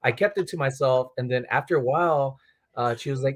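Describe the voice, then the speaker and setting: A man's voice: medium pitch, lively intonation, fast talker. Male livestream host, casual and friendly, chats and thanks viewers.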